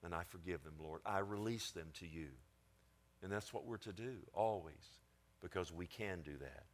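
A male preacher giving a sermon, swinging between quiet, low passages and emphatic ones, often calling for amens. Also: normal speed. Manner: asks the congregation for amens.

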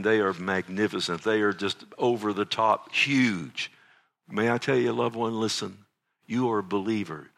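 A middle-aged man delivers a sermon in a fairly low voice. He presses his points with urgent emphasis, rising loud on key phrases and dropping to a hushed, intimate tone to plead with his listeners. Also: creaky. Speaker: preacher.

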